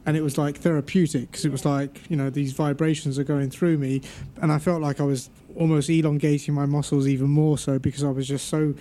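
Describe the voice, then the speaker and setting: A man with a slightly raised, warm and mellow voice, chatting on a podcast. He wanders through his thoughts, filling gaps with likes and ums. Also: fairly high pitch, level tone, brisk, few pauses. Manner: rambling, lots of likes and ums. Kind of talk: casual chat.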